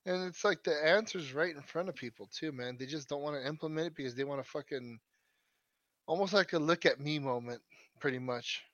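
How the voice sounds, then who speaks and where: A man's voice: fairly high pitch, a little fast, fairly bright tone, no room sound, muffled recording. A man co-hosting a podcast in casual chat, slangy and profane, often tacking on "man.". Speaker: podcast co-host.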